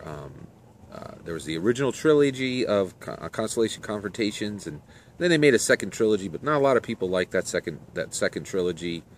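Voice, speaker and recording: A deep-voiced man tells an improvised story outdoors, pausing often and filling gaps with ums and uhs. His pitch sits very low. Faint traffic hums behind him. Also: darkish tone. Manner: halting, heavy on fillers.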